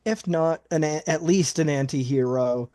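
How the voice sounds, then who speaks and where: A man's voice: on the high side, moderate pace, dark tone, no room sound, clean studio sound. A man co-hosting a casual wrestling review chat, loose and joking. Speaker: podcast co-host.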